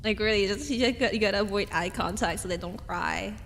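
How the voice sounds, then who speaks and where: A woman's voice: mid-range voice, fast, vocal fry, fairly bright tone, long reverb tail, a little hiss or hum. A woman streamer chatting casually and rambling, giggling and laughing often as she reads comments. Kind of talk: casual chat reading chat comments.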